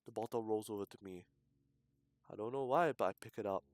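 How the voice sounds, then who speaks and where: A male streamer reading a visual novel aloud, breaking off into loud outbursts and swearing. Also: on the low side, a little fast, no echo. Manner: reads text with sudden loud outbursts and swearing.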